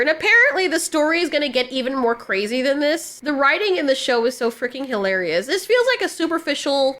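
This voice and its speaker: High-pitched woman, bright voice, sarcastic exasperated show review, casual commentary.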